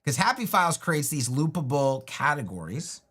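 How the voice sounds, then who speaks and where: A man's voice: on the high side, big pitch swings, normal speed, fairly bright tone, breathy edge. A man hosting a live web design stream, thinking aloud as he works, loose and talkative with frequent restarts and little jokes to himself. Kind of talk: thinking aloud while building a website live.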